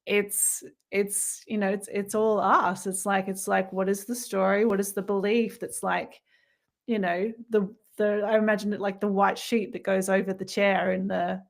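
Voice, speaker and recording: A woman's voice: mid-range voice, little pitch movement, moderate pace, vocal fry. A woman co-hosting a podcast in casual spiritual chat, reflective and rambling, with many fillers and restarts. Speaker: podcast co-host.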